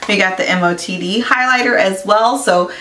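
A woman beauty vlogger chatting casually through an unboxing, gushing and excitable, with lots of "like" and "you guys". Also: medium pitch, moderate pace, far from the mic, a little hiss or hum. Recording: echoey room, voice a bit off-mic.

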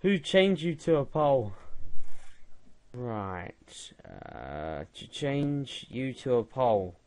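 A man's voice: medium pitch, sing-song, slow pace, a little mellow. A young man giving casual gaming commentary, mocking and laughing at a chatbot. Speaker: gaming video creator.

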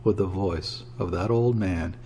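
A man narrating a classic story in a measured, dramatic reading. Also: low-pitched, creaky, warm tone, slight background noise. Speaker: audiobook narrator.

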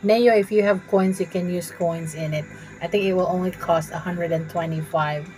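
A woman's voice: fairly low pitch, steady tone, normal speed, rough recording. A woman streaming a game from her room at home, chatting with viewers and laughing often. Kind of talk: live gameplay stream chat.

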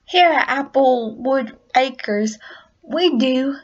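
A woman's voice: sits high, drawn-out words, full character voice. A woman voicing a folksy, hardworking female farm pony, plain and homespun, on a dull lo-fi recording. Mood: friendly.

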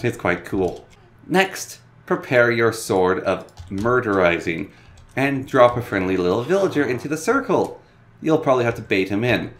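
A man hosts a casual game tutorial, playful and joking, his pitch bouncing around.

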